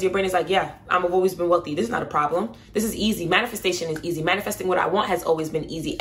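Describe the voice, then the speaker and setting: A woman's voice: medium pitch, fairly bright tone. A woman vlogger giving an emphatic, repetitive motivational talk to her viewers, casual and swearing now and then.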